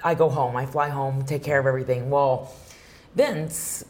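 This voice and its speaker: Low-voiced woman telling emotional stories. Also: steady tone, normal speed, darkish tone. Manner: chatty, emotional, many fillers. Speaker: professional wrestler, interview guest. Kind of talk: casual interview storytelling.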